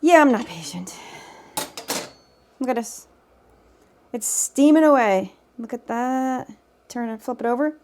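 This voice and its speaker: A woman's voice: a little high, lively intonation, a little slow, pauses often, a little mellow, slight background noise. A woman giving casual, off-the-cuff cooking commentary from her home kitchen, chatty and teasing herself, speaking off camera. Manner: chatty, self-teasing, talks while tasting. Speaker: cooking vlogger. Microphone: camera mic, speaker off camera.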